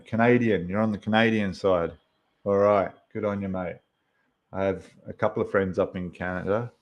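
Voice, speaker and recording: Low-voiced man chatting on a livestream. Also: muffled recording. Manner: reads out chat names and greets viewers, chatty and friendly; frequent ums and mid-word restarts. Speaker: livestream host. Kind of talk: casual livestream chat.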